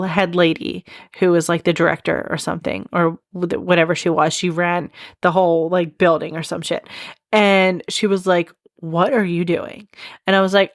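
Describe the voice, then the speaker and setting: This young podcast host speaks at a medium pitch over a clean, dry studio sound. Her story wanders in a relaxed conversation, full of frequent laughter and jokes at her own expense.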